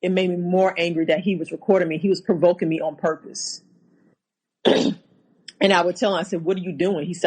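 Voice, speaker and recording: A woman telling her own story as a podcast guest, halting and repeating herself, acting out what was said. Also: fairly low pitch, fairly even intonation, darkish tone, husky, poor audio. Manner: halting, repeats words, acts out quotes. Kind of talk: personal account in a podcast interview.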